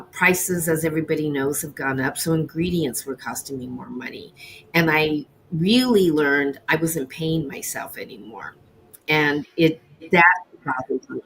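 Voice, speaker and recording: A middle-aged woman, a baker, telling her story as an interview guest in an earnest, reflective way with halting restarts. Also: low-pitched, a bit bright, slight background noise, poor audio. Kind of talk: candid personal storytelling.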